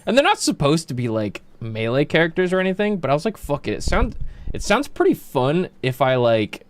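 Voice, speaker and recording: A man's voice: a little high, huge pitch swings, brisk, slight background noise. A man casually chatting on his livestream while gaming, rambling with plenty of fillers, restarts and swearing.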